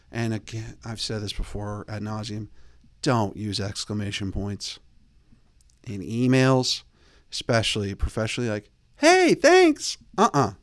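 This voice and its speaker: A man's voice: fairly bright tone, no echo, clean studio sound. Blunt man lecturing on dating rules. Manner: blunt, bossy, mocks texts in a high put-on voice. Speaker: host. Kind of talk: casual advice monologue.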